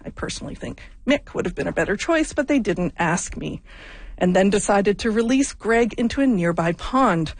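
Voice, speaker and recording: A woman's voice: medium pitch, expressive, moderate pace, dry recording. A woman hosting a radio news show, telling a light story in a wry, playful way. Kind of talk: scripted radio news feature.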